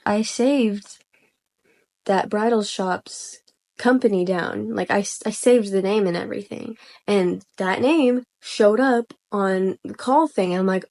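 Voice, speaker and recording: Soft-spoken young woman telling a story. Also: medium pitch, measured pace. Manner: rambling, hesitant with many fillers. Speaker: vlogger. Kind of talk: casual storytime.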